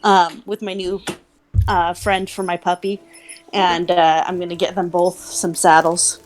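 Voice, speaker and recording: A woman's voice: lowish voice, level tone, faint music behind. A woman playing a tabletop game over a call, speaking hesitantly with many restarts. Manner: hesitant, halting with fillers. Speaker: player.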